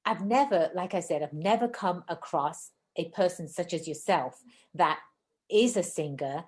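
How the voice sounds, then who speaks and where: A woman hosting a podcast interview, talking fast and effusively in a casual chat. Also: on the low side, darkish tone. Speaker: podcast host.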